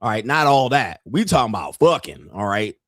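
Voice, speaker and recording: A man's voice: medium pitch, very animated, a little fast, dry recording. Middle-aged guy on a livestream, crude and joking, dead dry sound. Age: 50s. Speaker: livestream host. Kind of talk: casual livestream commentary.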